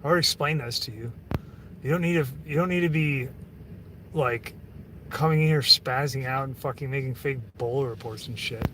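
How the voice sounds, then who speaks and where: A man delivers a casual livestream rant to his chat, rambling and cursing with frequent fillers and restarts. His mid-range voice moves fairly quickly. He is far from the mic against a noisy background.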